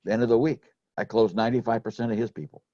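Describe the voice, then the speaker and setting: A middle-aged man, once an insurance sales manager, rambles through folksy sales stories in a casual chat, restarting often. His mid-range voice is rapid-fire and dark with fairly even intonation. The recording is muffled, with no echo.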